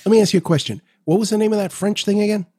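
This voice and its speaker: A man's voice: high-pitched, racing, mellow, slightly rough, no room sound, studio quality. A man co-hosting a tech podcast, chiming in with joking quips and asides. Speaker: podcast co-host. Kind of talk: casual tech news chat.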